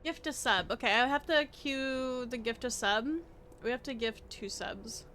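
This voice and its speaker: A young woman hosting a live stream with a high, bright voice. She chats to her audience excitably, rambling and laughing at herself. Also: a little slow, a little hiss or hum. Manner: excitable, rambling, self-deprecating, laughs often. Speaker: VTuber streamer. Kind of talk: casual live-stream chat.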